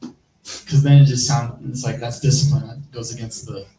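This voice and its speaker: A stand-up comedian with a Midwestern American accent does a rambling, self-deprecating set on a live stream, laughing at his own jokes. His mellow, mid-range voice moves at normal speed with fairly even intonation, sounding roomy from a distant mic, with slight background noise and poor audio.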